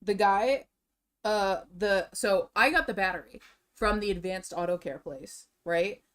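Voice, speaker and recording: A young woman streamer chatting casually in a rambling way, restarting her sentences often and swinging between tired and excited. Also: mid-range voice, measured pace, smooth. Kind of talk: casual chat.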